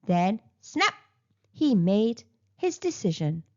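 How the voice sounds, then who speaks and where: A woman's voice: medium pitch, takes it slowly, dull audio. Woman reading a picture book aloud. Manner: expressive, playful. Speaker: children's storyteller.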